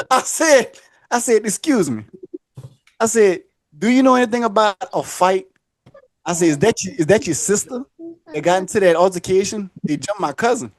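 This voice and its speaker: A man's voice: sits high, lively intonation, moderate pace, dry recording. A man telling a long story casually on a podcast, acting out the voices and laughing often.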